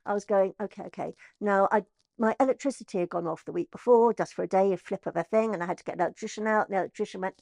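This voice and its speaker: A middle-aged woman, an estate agent telling her story in an interview, chatty and animated. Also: mid-range voice, very fast, vocal fry, no echo, clean studio sound. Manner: chatty, animated, acts out quoted voices.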